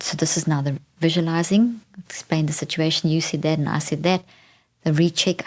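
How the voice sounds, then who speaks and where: A woman's voice: low voice, fairly quick, darkish tone. A middle-aged woman hosting a podcast, telling a candid personal story in a reflective way, with frequent restarts. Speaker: podcast host.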